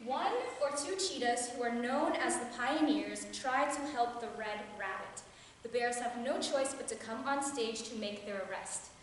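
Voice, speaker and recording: A woman stage actor giving a live solo theatre performance, talking straight to the audience in an animated way and laughing often. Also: a little high, normal speed, a little hiss or hum. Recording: echoey hall recorded from far off.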